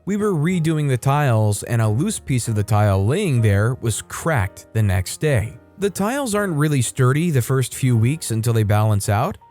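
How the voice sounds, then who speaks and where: A man's voice: medium pitch, big pitch swings, normal speed, hardly any pauses, a little mellow. Man, story narrator, wry asides, faint music underneath. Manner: wry, commenting between stories. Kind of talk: narrating online stories.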